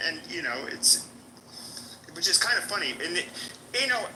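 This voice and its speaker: A man's voice: high-pitched, sing-song, moderate pace, bright, forceful tone, roomy sound, slight background noise, low-quality recording. A man hosting a live stream, talking casually in a laid-back, rambling way. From Mexico.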